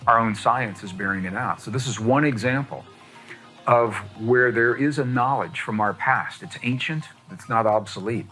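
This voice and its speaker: Man giving a measured, deliberate talk. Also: medium pitch, pushed and bright, soft background music. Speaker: speaker on science and spirituality. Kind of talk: lecture talk.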